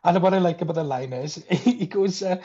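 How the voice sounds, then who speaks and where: A man's voice: sits high, a little fast, dark tone, slightly rough. A man, a podcast guest chatting about a film and animatedly acting out its lines. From Wales. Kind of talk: casual film chat. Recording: dull lo-fi sound.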